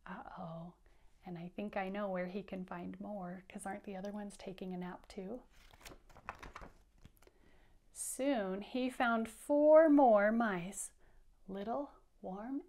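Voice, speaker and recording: A woman's voice: medium pitch, darkish tone. A woman teacher leading an interactive children's read-aloud, patient and encouraging as she counts along with the kids.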